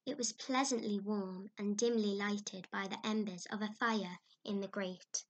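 A woman narrating a classic story in a measured, expressive way. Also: medium pitch, lo-fi sound. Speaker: audiobook narrator. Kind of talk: scripted narration.

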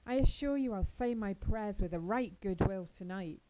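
A woman reading aloud as a chatty, dreamy orphan girl who gushes with wide-eyed excitement. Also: medium pitch, normal speed, lightly acted, poor audio. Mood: gushing. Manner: breathless, gushing and wide-eyed. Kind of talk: audiobook character reading.

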